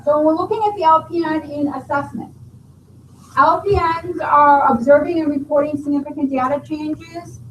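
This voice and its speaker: A woman's voice: high voice, fairly even intonation, moderate pace, far from the mic. A woman teaching a nursing class, explaining and quizzing her students. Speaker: nursing instructor. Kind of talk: classroom lecture. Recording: roomy classroom recording from afar, faint noise.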